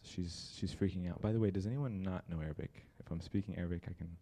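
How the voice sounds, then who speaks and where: Young guy giving a church talk, deep mellow voice, acts out the story. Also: fast talker. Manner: lively storyteller who acts out the people in the story. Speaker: church speaker.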